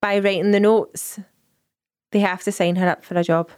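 A woman's voice: mid-range voice, little pitch movement, moderate pace, darkish tone, smooth. A Scottish woman co-hosts a casual podcast chat. She teases her friends bluntly and chips in often with short remarks. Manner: teasing, blunt, interjecting. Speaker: podcast co-host.

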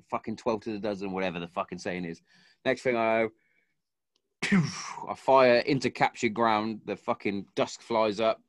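A man's voice: on the low side, no echo, studio quality. A man and army veteran, telling a war story in casual chat with a lot of swearing and acted-out quotes.

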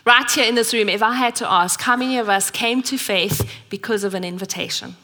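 A woman's voice: fairly high pitch, brisk, bright, forceful tone, soft background music. A South African woman preaching a sermon in a church, telling stories earnestly and acting out the voices she quotes. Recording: echoey church hall.

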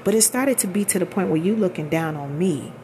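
A woman in her thirties speaks low, with a gravelly fry running through her words. She tells her own story candidly and emphatically, in loose everyday speech, with a faint hiss behind her. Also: expressive, a little fast, dark tone. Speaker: vlogger. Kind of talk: personal storytelling.

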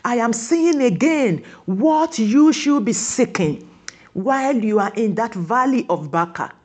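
A woman preaching with a husky, slightly breathy voice that rides fairly high. Her pitch swings widely as she presses her listeners with question after question. She slows down and draws out key words to drive them home. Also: expressive, darkish tone. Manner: emphatic, repeats rhetorical questions; stretches key words slowly for emphasis. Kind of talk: sermon.

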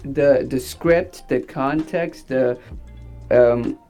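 A man who is an actor and director, talking in a rambling, animated way with many fillers. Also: medium pitch, drawn-out words, creaky, faint music behind. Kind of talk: casual interview talk.

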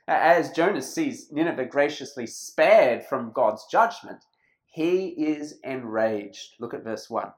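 A preacher delivering a sermon in a church, emphatic and slowing down on key phrases. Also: mid-range voice, lively intonation, poor audio.

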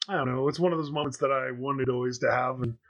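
A man's voice: mid-range voice, fairly even intonation, fast, dull audio. A man in his thirties hosting a podcast, telling a rambling story in casual chat with plenty of fillers. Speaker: podcast host.

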